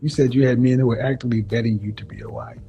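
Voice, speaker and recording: A man's voice: medium pitch, fairly even intonation, very fast, vocal fry, warm tone. A man giving dating advice on a call-in show, curt and stern as he lectures a caller. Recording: dull lo-fi clip with faint music.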